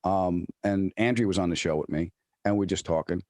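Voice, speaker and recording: The comedian's voice sits low and brisk with a darkish tone, captured in clean studio sound without echo. Chatting as an interview guest from New York, he spins stories with many restarts and acted-out quotes.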